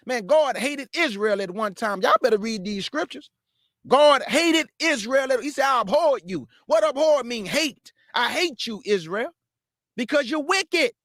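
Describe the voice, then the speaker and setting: High pitched dude preaching hard, dead dry mic, keeps calling folks family. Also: male voice, no room sound. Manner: emphatic, repetitive, addresses listeners as family. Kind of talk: street-style preaching.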